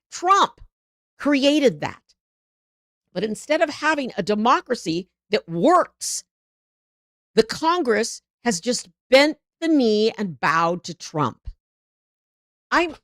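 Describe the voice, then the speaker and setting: Brief: middle-aged woman, lowish voice, dry close sound, heated rambling commentary. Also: no room sound. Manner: heated, rambling, frequent restarts. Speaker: political show host. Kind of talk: live political commentary.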